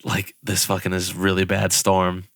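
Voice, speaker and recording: A man's voice: low-pitched, moderate pace, no room sound, clean studio sound. A young man, a podcast co-host, casually telling a story with frequent laughter and swearing. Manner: laughing, swearing, animated retelling.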